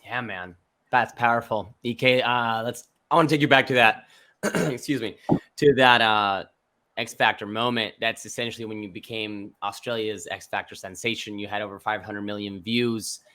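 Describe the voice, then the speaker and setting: Bright-voiced male podcast host. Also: lowish voice, steady tone, moderate pace. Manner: brief affirmations, easygoing questions. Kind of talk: casual interview.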